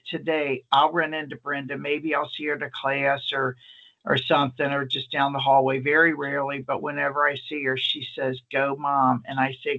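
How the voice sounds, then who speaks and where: Male ER nurse, casual storyteller, gravelly voice, dull lo-fi meeting audio. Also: on the high side. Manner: animated anecdotal delivery, acts out quoted people. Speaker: emergency nurse presenter.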